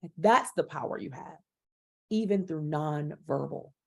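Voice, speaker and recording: A woman's voice: low voice, a little slow, vocal fry, husky. A middle-aged woman teaching a public speaking workshop, shifting her volume and pace to demonstrate. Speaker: speaker trainer.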